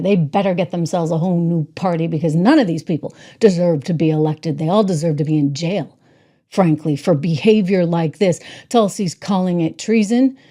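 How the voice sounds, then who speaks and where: A woman's voice: lowish voice, dark tone. A woman hosting a political commentary show, talking emphatically and with indignation, stretching out the words she stresses, from an indoor room. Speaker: talk show host.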